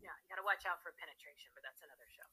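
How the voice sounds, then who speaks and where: A woman's voice: fairly low pitch, rapid-fire, pushed and bright, breathy edge, low-quality recording. A woman guest, herself a radio host, chatting in a casual interview, rambling and laughing as she explains things.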